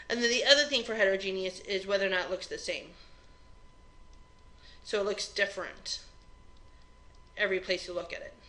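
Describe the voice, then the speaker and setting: Poor audio carries a woman's medium-pitched, sharp-toned voice. Teaching chemistry, she walks through a recorded exam review lecture step by step, speaking plainly and conversationally.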